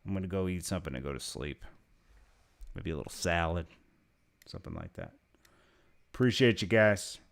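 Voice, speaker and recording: A man's voice: sits low, huge pitch swings, moderate pace, vocal fry, long pauses. A tired young man hosting a casual live stream, chatting loosely with viewers and reading out their comments in a laid-back, mumbling way. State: tired, yawning. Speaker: livestream host.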